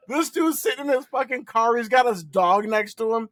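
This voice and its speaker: High-voiced animated man telling stories. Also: moderate pace, slight background noise. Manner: profane, animated storytelling. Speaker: podcast co-host. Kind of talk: casual chat.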